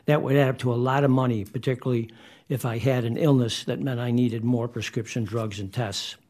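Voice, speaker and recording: A man in his eighties, a retiree testifying at a hearing, reading his prepared statement in an earnest, measured way and repeating points for weight. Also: mid-range voice, steady tone, a little mellow. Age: 80s. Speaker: witness at a hearing.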